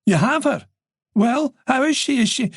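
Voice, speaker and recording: A narrator voicing a worried male detective colleague who fires off sharp, incredulous questions. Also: very high-pitched, expressive, normal speed, creaky, husky, dry recording, clean studio sound, pitched above the performer's own voice, exaggerated voice. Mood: anxious.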